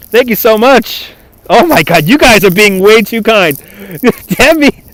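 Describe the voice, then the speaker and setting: A man's voice: very high-pitched, dry recording. A man hosting a live walking stream outdoors, chatty and laughing as he thanks viewers by name, filmed on a phone on a gimbal. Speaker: livestream host. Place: outdoors on a cold waterfront.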